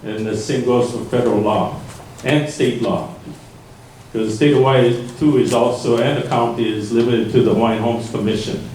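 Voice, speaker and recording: A man giving formal, measured legal testimony at a planning meeting. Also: medium pitch, steady tone, a little mellow, slight background noise. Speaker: public commenter at a planning meeting. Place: public meeting hall. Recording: echoey meeting room from far off.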